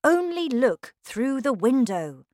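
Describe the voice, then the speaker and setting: A woman voicing a brisk, eccentric grown man who runs a chocolate factory. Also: sits high, very animated, a little mellow, dry recording, studio quality, voice pushed up, full character voice. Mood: explaining.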